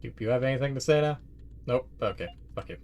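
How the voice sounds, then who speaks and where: A man's voice: mid-range voice, animated, fast talker, a little mellow, a little hiss or hum. A man streaming a video game, chatting casually and swearing freely as he rambles. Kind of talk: casual let's-play commentary.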